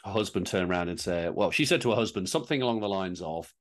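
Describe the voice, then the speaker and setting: Deep-voiced reflective man. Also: lively intonation, quick pace. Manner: reflective, rambling, with restarts and wry asides. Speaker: podcast co-host. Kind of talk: casual chat.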